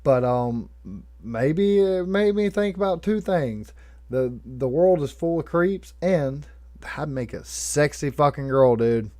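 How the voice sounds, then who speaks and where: A young man with a fairly high voice tells a comedic story, animated and full of swearing. He swings from loud outbursts to quiet asides as he narrates for his channel. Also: slow pace. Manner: animated, profane, jokey, swings loud and soft.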